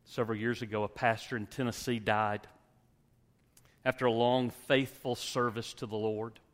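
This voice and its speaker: A male pastor preaching a sermon and leading a closing prayer, emphatic, swinging from loud exhortation to hushed tones. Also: medium pitch, level tone, moderate pace. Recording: long hall reverb.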